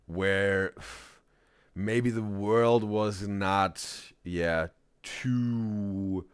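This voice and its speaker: Low-voiced man reacting to a stream. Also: steady tone, clean tone, no room sound, studio quality. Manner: laughs often, calls people "bro"; halting, trails off mid-sentence. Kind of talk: live reaction commentary.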